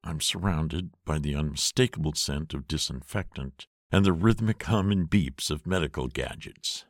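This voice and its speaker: A man's voice: rumbling low, normal speed, dry recording, studio quality. A man reading first-person audiobook narration in a weary, sardonic way.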